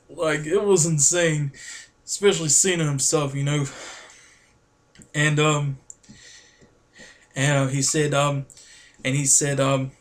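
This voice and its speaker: A man vlogging to camera, telling a story excitedly and rambling, often calling his viewers guys. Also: a little high, unhurried, pauses often.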